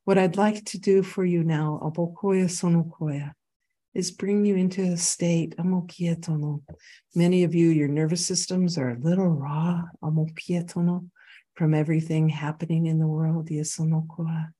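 A spiritual healer leading a workshop talk, weaving chanted syllables into plain speech with a gentle, guiding tone and easy laughs. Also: medium pitch, fairly even intonation, normal speed.

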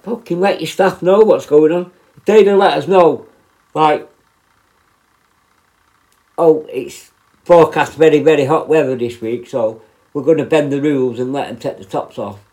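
Blunt, sweary man with a mellow voice. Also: fairly high pitch, rough recording. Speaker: podcast host, former prison officer. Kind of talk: casual storytelling monologue.

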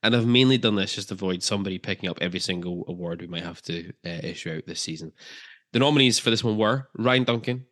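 A man co-hosts a football podcast in a loose, joking way. His voice sits a little low, and he fills the gaps with ums as he runs through the segments. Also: fast talker, a bit bright. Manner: chatty, jokey, with filler ums. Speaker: podcast co-host. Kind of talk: casual football podcast chat.

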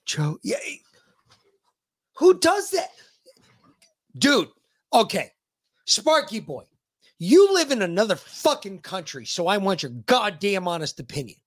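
A man co-hosting a political podcast, cursing and mocking as he rants. His pitch swoops widely from low grumbles to high outbursts. The sound is close and dry. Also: big pitch swings, normal speed, fairly bright tone, dry recording. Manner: profane, heated, mocking. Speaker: podcast co-host. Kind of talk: casual political rant.

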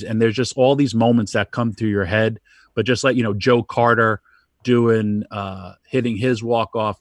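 A man's voice: medium pitch, dry recording, studio quality. Middle-aged man, rambling wrestler guest. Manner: animated, rambling anecdotes with restarts. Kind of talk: casual storytelling.

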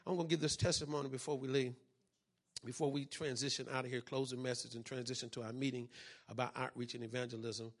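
A man pastor preaching a sermon and telling a testimony in church, using call and response and building from quiet to loud. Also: medium pitch, flat delivery, fast.

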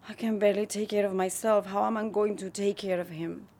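A woman's voice: medium pitch, steady tone, a little fast, mellow, close to an everyday voice. Give me an actress playing a self-doubting young woman, anxious and hesitant. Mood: doubtful. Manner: hesitant, doubtful, close to tears.

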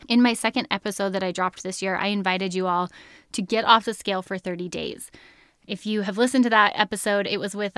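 A young woman hosts her own podcast and talks straight to her listeners in a chatty, animated way, often laughing between words. Her voice sits at an ordinary middle pitch, and the recording is dry and close with no room sound. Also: no echo. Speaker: podcast host. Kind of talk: casual storytelling monologue.

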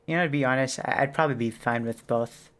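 A man co-hosting a podcast, relaxed and easygoing in casual chat. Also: mid-range voice, quick pace. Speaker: podcast co-host.

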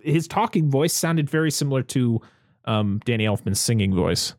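A man's voice: medium pitch, lively intonation, normal speed, darkish tone, dry recording, clean studio sound. A man co-hosting a casual movie podcast, chatty and given to exasperated rants. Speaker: podcast co-host.

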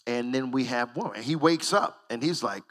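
A middle-aged man preaching a sermon as pastor, building from calm storytelling into loud, shouted praise. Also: mid-range voice, fairly quick, big-room sound.

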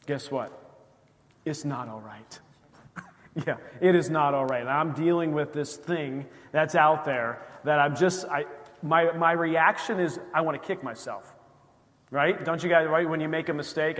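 A male pastor preaching a sermon, telling a story and acting out the dialogue with lively energy. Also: fairly high pitch, normal speed. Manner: animated storytelling, acts out dialogue. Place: church sanctuary. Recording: church hall reverb.

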